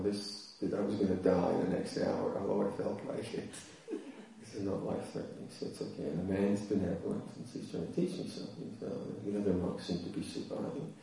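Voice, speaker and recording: Brief: low-voiced male monk, wry self-deprecating storyteller, mic heard from across a roomy hall. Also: gravelly, dark tone. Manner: humorous, self-deprecating storytelling with frequent laughs. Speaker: Buddhist monk teaching. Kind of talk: dharma talk with personal anecdote. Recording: echoey hall, voice from far off.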